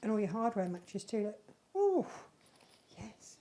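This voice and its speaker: A woman's voice: mid-range voice, sing-song, measured pace, warm tone. A woman hosting a live crafting channel, chatting casually and rambling fondly about handmade bags she is selling. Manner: chatty, rambling, fond of her makes. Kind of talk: casual live-stream product chat.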